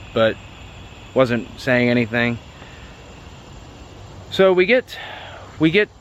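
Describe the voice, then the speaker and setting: A man tells a personal story straight to the camera, chatty and excitable, full of "like" and restarts. His voice sits at an ordinary middle pitch, with a faint hiss of noise underneath. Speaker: car vlogger.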